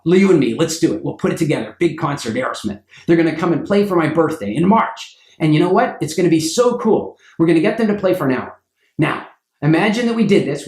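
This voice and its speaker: A man with a slightly high voice teaches public speaking through energetic anecdotes, switching into exaggerated quoted voices. He sounds like he's in a reverberant room. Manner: acts out quoted voices with big pitch jumps. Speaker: speaking coach. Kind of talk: animated storytelling lesson.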